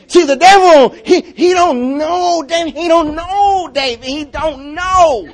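High-voiced, animated preacher man. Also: a little slow, some chatter behind. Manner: animated, laughing, swinging from loud to hushed. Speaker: pastor. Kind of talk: lively sermon.

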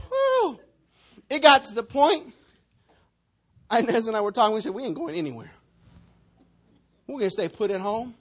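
A man preaching, his voice high for a man and full of swooping pitch. He swings between near-shouts and hushed asides as he tells his stories. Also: husky. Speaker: pastor. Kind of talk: sermon.

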